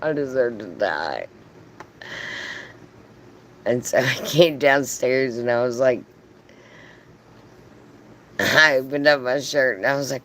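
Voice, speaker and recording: Slow, animated man telling a story. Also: mid-range voice, slight background noise. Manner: chatty, profane, laughs often. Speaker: live streamer. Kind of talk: casual storytelling on a livestream.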